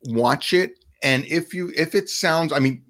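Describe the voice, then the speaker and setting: A man's voice: fairly high pitch, measured pace, a bit bright. A man co-hosting a podcast, explaining advice casually and often restarting his phrases. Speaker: podcast co-host. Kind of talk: podcast chat giving business advice.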